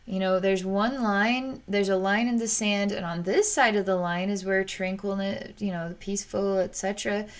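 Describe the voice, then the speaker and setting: Halting, soft-spoken woman psychic. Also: mid-range voice, fairly even intonation. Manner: halting and searching, with frequent restarts. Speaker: psychic reader. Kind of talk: narrating a psychic vision in real time.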